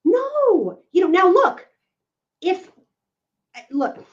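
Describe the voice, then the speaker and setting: A woman's voice: extremely high pitch, big pitch swings, very slow. A woman legal analyst giving emphatic podcast commentary, often checking in with "right?". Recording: dull lo-fi audio.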